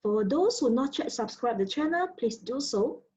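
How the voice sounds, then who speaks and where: Woman teaching chinese sounds, kinda high voice, slow and careful, bit muffled. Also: expressive, a little mellow. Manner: drawn-out syllables with tone contours; non-native English phrasing. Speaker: Mandarin teacher. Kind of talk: slow pronunciation lesson.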